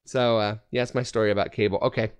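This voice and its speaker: A man hosting a casual fan podcast, running a trivia game and telling stories with quick laughs. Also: fairly low pitch, smooth. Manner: animated storyteller, quick laughs. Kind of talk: casual group chat.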